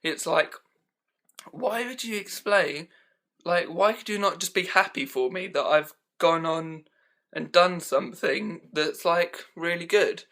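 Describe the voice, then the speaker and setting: His pitch runs on the high side and his tone is fairly bright, with a measured pace. The young man is vlogging a casual, meandering rant about pet peeves, full of "um" and "like," shot on a handheld camera at home.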